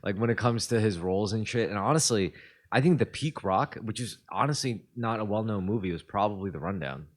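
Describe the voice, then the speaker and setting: A man's voice: lowish voice, expressive, brisk. A man co-hosting a podcast, chatting casually and joking around, playing with foreign words. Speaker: podcast co-host. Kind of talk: casual chat.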